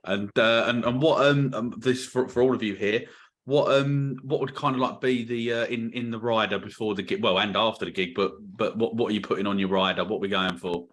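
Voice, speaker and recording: A fairly low-voiced man hosting a relaxed podcast chat with a band. He stumbles and restarts often as he asks his questions, stringing them together with fillers. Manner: halting, many restarts and fillers. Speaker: podcast host. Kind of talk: casual interview.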